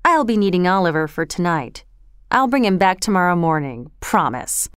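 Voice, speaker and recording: A woman voicing a brutal, menacing grown man who threatens in a low, slow voice. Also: sing-song, clean tone, dry recording, studio quality.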